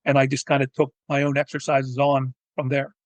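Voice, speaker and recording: A man, a physical therapist and educator, telling his story in a technical, animated way as an interview guest. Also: medium pitch, fairly quick, dry recording, low-quality recording. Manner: technical, animated, acts out quoted dialogue. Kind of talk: conversational storytelling.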